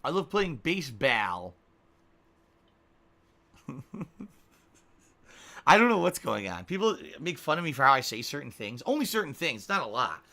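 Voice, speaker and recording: A man with a Connecticut accent thanks viewers on a live stream in a bright, forward voice. He talks casually and playfully and laughs often. Now and then he stretches words out for a joke. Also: on the high side, big pitch swings, fairly quick, vocal fry, pauses often. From Connecticut, USA. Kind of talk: live-stream chat reading donations.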